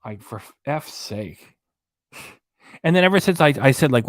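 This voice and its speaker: A man's voice: on the high side, animated, measured pace, dry recording, clean studio sound. A man hosting a reaction live stream in a casual, mocking way, laughing often as he talks. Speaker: reaction channel host.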